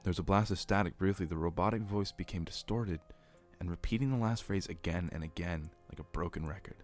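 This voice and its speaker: A man reading a horror story aloud as narrator, steady and earnest. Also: sits low, brisk, soft background music.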